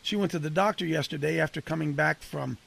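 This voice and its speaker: A man with a gravelly, somewhat husky voice leads a men's group like a casual preacher. He talks conversationally and punchily, turning to listeners by name. His pitch sits a little high for a man. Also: quick pace, a bit bright. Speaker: coach leading a men's ministry group.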